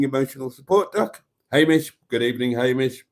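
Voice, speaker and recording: A man's voice: medium pitch, brisk, darkish tone. Chatty man hosting a live stream. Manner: chatty, reads viewer comments aloud and greets them. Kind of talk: casual live stream chat reading comments.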